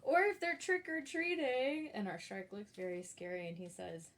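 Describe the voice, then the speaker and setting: In a library storytime recorded for an online video, a woman librarian reads a picture book aloud to children. Her mid-range voice is steady and moderately paced, and she keeps things chatty, asking the listeners questions.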